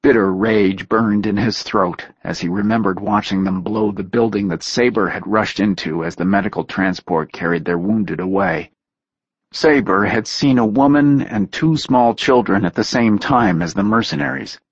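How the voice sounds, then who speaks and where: A man reading a story aloud in a steady, measured narration. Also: fairly low pitch, slightly rough, no room sound, lo-fi sound. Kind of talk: audiobook narration.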